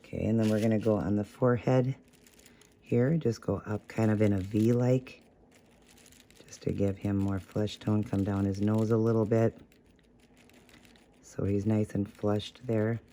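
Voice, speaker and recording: A man's voice: lowish voice, steady tone, measured pace, pauses often, dark tone. A man hosting a casual step-by-step craft tutorial, chatting while he works and correcting his own slips of the tongue.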